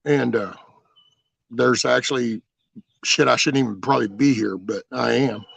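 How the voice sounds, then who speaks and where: A middle-aged man with a deeply gravelly, raspy voice, telling stories from his life in a loose, rambling way. He is blunt and swears freely. The sound is dry and close. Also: moderate pace, a bit bright, no room sound. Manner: rambling, blunt and profane, with many restarts. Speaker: channel host telling his life story. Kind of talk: casual storytelling.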